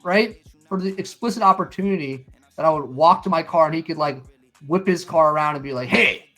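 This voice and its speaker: A man's voice: a little high, a little fast, faint music behind. A middle-aged man chatting casually on a stream, telling stories with lots of swearing and acting out what people said. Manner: animated storyteller, acts out quotes, swears freely. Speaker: stream co-host. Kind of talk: casual chat.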